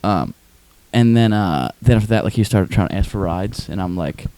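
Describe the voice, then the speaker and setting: A man's voice: fairly low pitch, moderate pace, warm tone. A male podcast host from Westchester, New York, telling a rambling story in casual, profane talk on a close mic.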